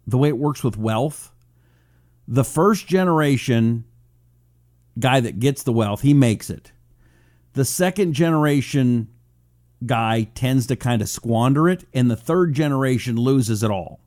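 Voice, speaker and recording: A man's voice: medium pitch, darkish tone. A man hosting a political talk radio show, rambling casually, joking at his own expense and reading listener comments aloud.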